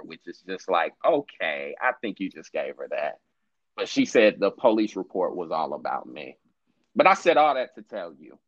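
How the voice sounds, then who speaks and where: Low-voiced man telling a profane story. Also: no room sound, muffled recording. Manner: profane, animated storyteller acting out quotes. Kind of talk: casual storytelling chat.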